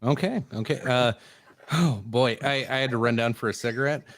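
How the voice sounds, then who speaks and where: A man's voice: medium pitch, fairly quick, slight background noise. A man co-hosting a comedic podcast, a little out of breath, hyping up the audience in an upbeat way. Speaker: podcast co-host.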